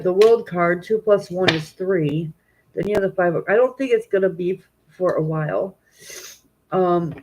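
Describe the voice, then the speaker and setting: A woman's voice: fairly low pitch, darkish tone, poor audio. Tearful woman tarot reader. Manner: emotional, talks directly to viewers. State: tearful, grieving. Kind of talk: live tarot reading stream.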